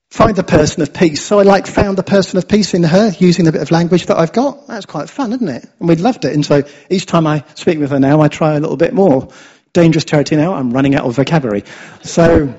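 A chatty English preacher with a slightly raised, husky voice, often checking in with his listeners. His sermon comes through a dull, lo-fi recording. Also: on the high side, a little mellow. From England. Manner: chatty, often asks "yeah?". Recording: dull lo-fi sound.

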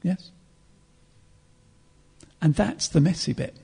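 Gravelly, husky man preaching. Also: fairly high pitch, slow, warm tone. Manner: earnest, reflective, with throat-clearing and restarts. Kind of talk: sermon.

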